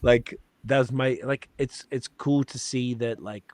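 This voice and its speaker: A man's voice: mid-range voice, steady tone, unhurried, no room sound. A man hosting a podcast, chatting casually and rambling with swearing and fillers. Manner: loose and profane, rambling with lots of fillers. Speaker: podcast host.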